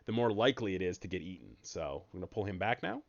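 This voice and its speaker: A man giving casual, jokey commentary while streaming a card game, breaking into sudden high excited yelps. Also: fast talker, creaky, dull audio.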